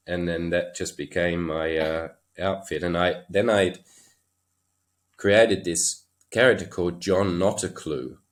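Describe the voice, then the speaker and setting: An Australian horse trainer, a guest on a podcast, tells stories in a low, steady voice, taking his time. His casual interview anecdotes come out loose and chuckling, packed with fillers.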